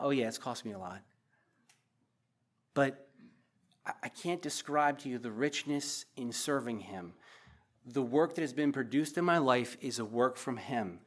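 A pastor preaching a sermon in an earnest, emotional way, repeating himself as he pleads with the congregation. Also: medium pitch. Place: church.

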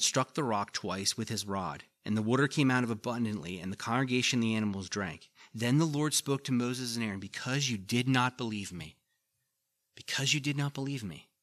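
A man's voice: mid-range voice, bright, forceful tone. A male pastor preaching a conversational sermon, reading scripture aloud with emphasis and putting questions to the congregation.

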